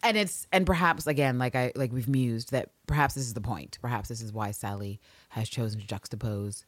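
A woman co-hosting a casual recap podcast, talking in an animated, sarcastic, profane way into a studio mic. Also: extremely low pitch, a little fast, no room sound. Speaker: podcast co-host.

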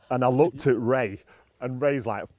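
A middle-aged man, a former footballer appearing as a guest, chats casually and tells old team stories, laughing often and using many fillers. His mid-range voice is a little mellow and moves at a slow pace, with no room sound.

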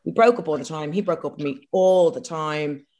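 An Irish woman in her young adult years tells a long story with lively, self-mocking energy. Her voice sits a little low, and her talk is loose, chatty and peppered with swearing. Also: normal speed. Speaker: podcast co-host. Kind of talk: casual storytelling chat.

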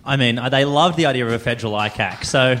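A man on a live comedy panel, deadpan and self-mocking, on stage before an audience. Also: medium pitch, quick pace, a little hiss or hum.

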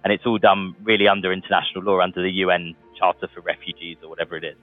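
A man's voice: sits low, level tone, very fast, no room sound, soft background music. A man telling his story casually in an interview, chatty and laughing as he goes. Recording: tinny phone-like sound.

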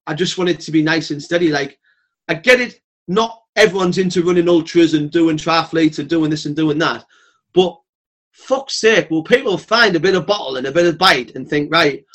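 A man, talking bluntly and swearing freely as a podcast guest, telling animated stories. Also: on the high side, normal speed. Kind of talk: casual podcast chat.

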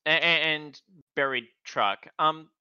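A man co-hosting a casual online podcast discussion, animated and prone to stammering restarts. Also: on the high side, slow pace, clear, resonant tone, dry recording, highs cut off. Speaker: podcast co-host.

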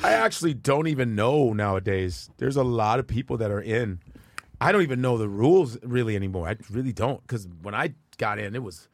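A man's voice: mid-range voice, lively intonation, a little fast, no room sound. A man, a stand-up comedian chatting animatedly as a podcast guest, swearing and laughing as he tells stories. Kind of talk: casual chat.

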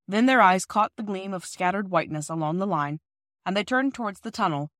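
A woman reading a classic children's novel aloud, acting out the dialogue with lively voices. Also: fairly low pitch, no room sound, clean studio sound. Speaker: audiobook reader.

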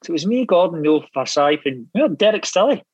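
A Scottish man in his thirties tells animated anecdotes full of swearing and laughter. His voice sits a touch high, and the recording is close and dry with no room sound. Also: fast talker, slightly rough, dry recording, highs cut off. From Scotland. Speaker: guest actor. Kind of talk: casual storytelling chat.

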